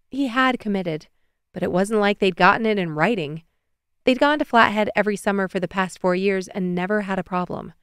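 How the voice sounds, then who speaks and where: A woman reading a romance audiobook as narrator in an even, measured way, recorded close on a studio mic. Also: medium pitch, clear, resonant tone, no echo.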